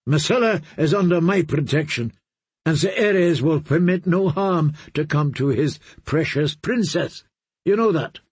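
A poised, scheming princess speaks with calm persuasion, as a male narrator puts her on. Her voice is raised well above his own, slow and slightly husky. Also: fairly high pitch, dry recording, pitched above the performer's own voice. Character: proud, scheming young princess.

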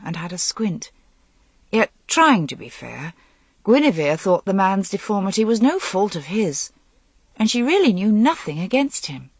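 A narrator reading a medieval novel aloud in a steady storytelling manner. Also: mid-range voice, slightly rough, no echo. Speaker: audiobook narrator. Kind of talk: scripted narration.

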